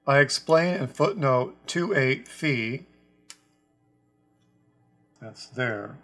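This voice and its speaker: Measured man teaching a scripture lesson. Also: mid-range voice, animated, fairly bright tone, faint music behind. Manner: deliberate, measured, stresses quoted words. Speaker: Bible teacher. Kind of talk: scripture lesson explaining a translation.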